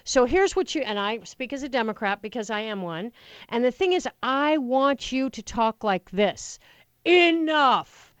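Speaking at a moderate pace in a slightly high, animated voice, a woman hosts political call-in radio from a studio as a fill-in. Her studio mic picks up no room sound, and she is passionate and rambling, often restarting sentences.

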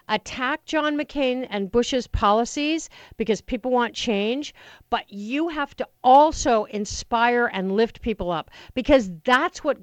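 A woman's voice: a little high, dry recording. A woman hosting political call-in talk radio from a studio, passionate and rambling, often restarting her sentences. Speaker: fill-in talk radio host. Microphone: studio microphone.

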